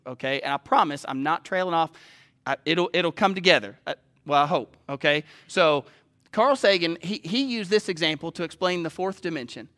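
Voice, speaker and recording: Bright high-voiced male preacher. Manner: conversational, asks the audience questions often. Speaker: pastor. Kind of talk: sermon. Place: stage before a live audience.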